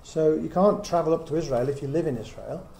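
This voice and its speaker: A middle-aged man teaches scripture with an earnest, reasoning manner, often putting rhetorical questions to his listeners. His voice sits a little high yet sounds mellow. The room is echoey, with a faint hiss behind him. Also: fairly quick. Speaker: Bible teacher. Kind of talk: teaching talk to a small group.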